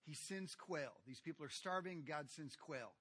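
Male pastor, bright high voice, preaching with big swings from hushed to loud. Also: moderate pace. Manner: swings from quiet to loud, animated retellings; addresses congregation directly as guys. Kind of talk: sermon.

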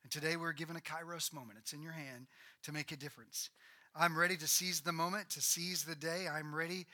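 Animated bright-voiced male preacher. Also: fairly high pitch, fairly quick. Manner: animated storytelling, acting out biblical characters. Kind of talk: sermon.

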